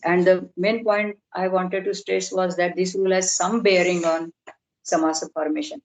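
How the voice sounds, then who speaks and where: A middle-aged woman lecturing on a video call, explaining slowly and carefully and drawing out technical terms. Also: lowish voice, a little mellow, poor audio. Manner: measured, explanatory, slow on terms. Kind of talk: online academic lecture.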